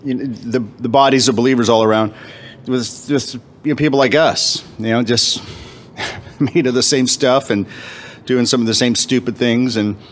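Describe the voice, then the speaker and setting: A man leads a laid-back men's Bible study, speaking at a middle pitch with halting phrasing, frequent fillers and restarts. His manner is friendly and self-deprecating, sometimes talking around a bite of food. A faint ambient noise sits under the voice. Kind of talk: casual Bible teaching.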